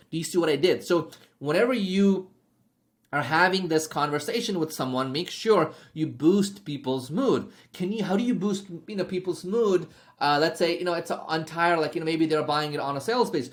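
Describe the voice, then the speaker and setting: A man's voice: on the high side, normal speed. A young man giving a casual spoken sales masterclass, chatty and constantly checking in with "okay?" and "right?". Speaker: sales trainer.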